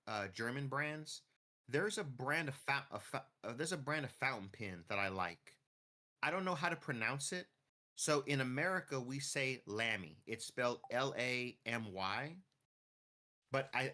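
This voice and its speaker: A man's voice: mid-range voice, bright, forceful tone. A man chatting casually and rambling off the cuff while streaming a farming game. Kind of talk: casual chat while gaming.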